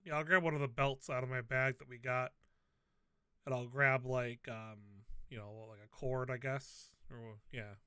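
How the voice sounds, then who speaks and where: A man's voice: mid-range voice, fairly even intonation, normal speed, sharp tone, smooth, no room sound, clean studio sound. A man as a player in a tabletop game, casually describing his character's actions step by step. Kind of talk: casual tabletop role-play.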